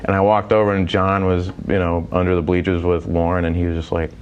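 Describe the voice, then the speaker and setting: A man telling a comedy-writing anecdote in a podcast chat, animated and laughing through his story. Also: low-pitched, fairly quick, lo-fi sound, a little hiss or hum. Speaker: guest comedy writer.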